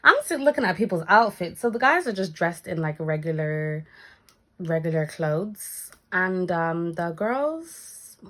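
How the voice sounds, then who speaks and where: A young woman tells a story in a casual vlog, acting out what people said with big jumps in her voice. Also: measured pace. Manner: animated, acts out quotes with big pitch jumps. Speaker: vlogger.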